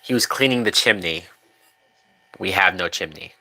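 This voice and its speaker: A man's voice: deep voice, moderate pace, vocal fry, bright, forceful tone. A man casually commenting on a film during a live stream, loose and profane, now and then reading out viewer comments. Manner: loose, profane, chatty, reads out chat. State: drunk.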